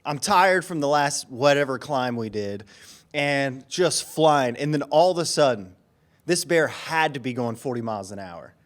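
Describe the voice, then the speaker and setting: A man telling an animated story in casual chat, laughing often. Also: mid-range voice, moderate pace.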